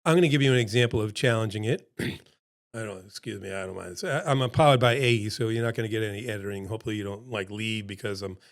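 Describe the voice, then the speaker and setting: A man's voice: fairly low pitch, fast, vocal fry. Middle-aged man with a froggy throat. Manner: pep-talk, conversational, repeats points for emphasis. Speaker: seminar presenter. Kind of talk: casual motivational seminar talk.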